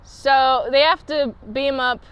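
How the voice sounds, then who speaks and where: A woman's voice: high-pitched, takes it slowly, fairly bright tone, dry recording, lo-fi sound. A woman host chatting casually through a TV episode review, giggly and full of fillers.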